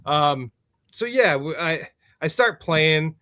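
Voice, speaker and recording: A man with a slightly raised, lively voice tells a story as a guest on a casual podcast. He laughs often, swears freely and fills his talk with loose fillers. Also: on the high side, slow. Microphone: remote call setup.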